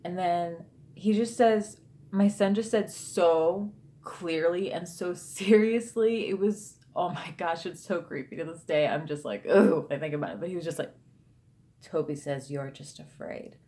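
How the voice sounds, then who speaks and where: A woman's voice: lowish voice, normal speed, mellow. A woman in her thirties telling a true ghost story to camera in a chatty storytime vlog, with lots of fillers and asides. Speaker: YouTuber.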